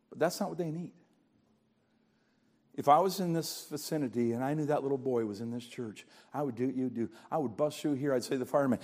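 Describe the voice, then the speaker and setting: An older man preaching a sermon in a church, telling a story dramatically and swinging from hushed tones to shouting. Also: mid-range voice, fairly quick. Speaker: pastor. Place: church sanctuary.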